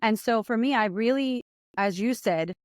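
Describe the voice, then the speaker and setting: A woman guest on a podcast, talking fast and acting out her own inner voice as she tells stories. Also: on the high side, no room sound, clean studio sound. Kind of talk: animated conversational storytelling.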